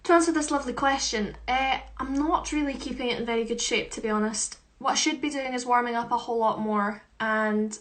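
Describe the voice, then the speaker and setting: A woman's voice: a little high, steady tone, fairly quick, few pauses, fairly bright tone. Chatty young woman, echoey room. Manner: chatty, giggly, self-deprecating. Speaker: musical theatre performer. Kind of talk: casual social media Q&A.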